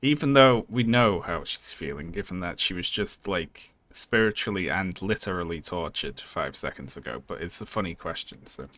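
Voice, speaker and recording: A man's voice: low-pitched, expressive, normal speed, few pauses, bright, forceful tone. A man streaming a video game, giving casual commentary in a joking, sarcastic way and laughing often.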